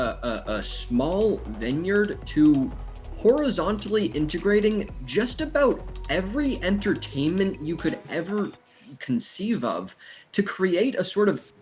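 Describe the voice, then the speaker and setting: A man's voice: a little high, pitched above the performer's own voice. Guy doing a rambling bureau official, lots of uhs, faint music behind. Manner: halting, full of filler sounds. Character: bumbling male business bureau official. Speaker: improv comedian. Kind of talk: improv character review.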